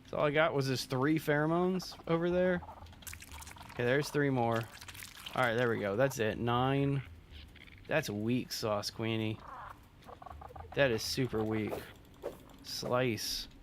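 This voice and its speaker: A young man streams a game and rambles to his viewers in a loose, casual way, full of fillers and restarts. His pitch sits in the middle for a man, and a faint hiss runs under the recording. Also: fairly even intonation, takes it slowly, pauses often. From Southern California. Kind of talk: casual gameplay chat with live viewers.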